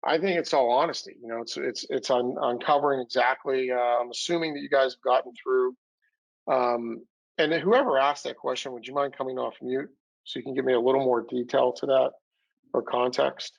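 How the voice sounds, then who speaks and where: A man's voice: mid-range voice, fairly even intonation, fairly quick, creaky, lo-fi sound. A man giving a sales training webinar over a video call, a little winded, coaching with energy and acting out quoted dialogue. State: a little winded, recovering from illness. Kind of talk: webinar talk.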